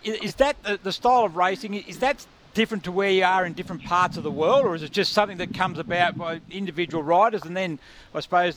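A man's voice: sits high, fairly bright tone. A man co-hosting a radio interview, asking long questions that he restarts several times. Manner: rambling, restarts his questions. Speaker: radio co-host and coach.

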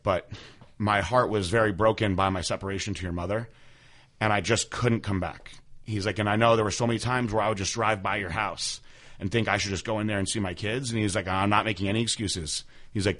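A young man hosting a podcast, telling a personal story candidly, with many fillers and halting restarts. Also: on the low side, a bit bright. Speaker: podcast host.

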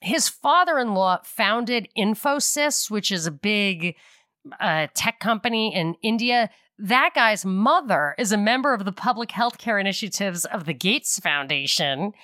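A woman's voice: medium pitch, animated, a little slow, pushed and bright, dry recording, clean studio sound. A middle-aged woman hosting a podcast, talking through politics in a rambling, opinionated way and correcting herself as she thinks aloud. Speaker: podcast host. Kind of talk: casual political commentary.

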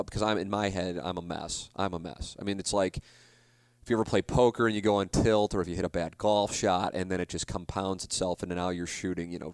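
A man's voice: low voice, no room sound. A man in his forties, a podcast host, telling a rambling, self-deprecating story in a casual monologue. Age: 40s.

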